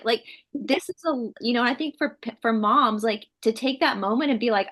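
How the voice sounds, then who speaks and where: A woman from the States, co-hosting a casual chat and telling stories in an animated way, acting out what people said. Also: a little high, normal speed. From Southern United States. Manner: animated storyteller, acts out quotes. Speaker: co-host. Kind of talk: casual conversation.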